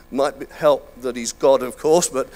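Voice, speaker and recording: A man's voice: mid-range voice, fairly even intonation, slow pace, darkish tone. An older man preaching a sermon in a chatty, self-deprecating way, with many fillers and restarts. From United Kingdom. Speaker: pastor. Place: church hall.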